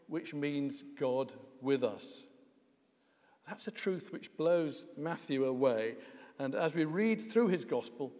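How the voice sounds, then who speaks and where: A man's voice: a little high, darkish tone, big-room sound. A man preaching a sermon in a wry, conversational way, with frequent hesitations and asides.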